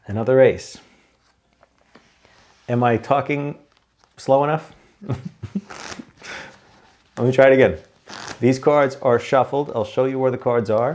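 A man who is a magician, talking to the camera while doing card tricks, sarcastic and slowing down to spell things out. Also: medium pitch, darkish tone.

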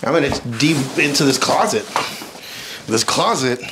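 A man's voice: medium pitch, animated, moderate pace, roomy sound, heavy background noise. A man in a scripted search scene, casual and joking with his partner. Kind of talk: scripted action comedy. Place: rooms in a house.

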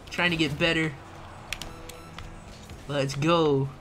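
A young gaming livestreamer chats casually with viewers as he plays, reading their messages aloud, tossing in slang and laughing a lot. His voice is a little high and a bit bright, steady in tone and very slow, with faint music in the background.

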